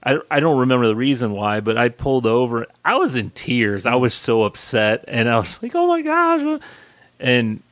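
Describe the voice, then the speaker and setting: A married man co-hosting a podcast, talking in easygoing, halting casual chat with fillers and restarts. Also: mid-range voice, dry recording. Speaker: podcast co-host.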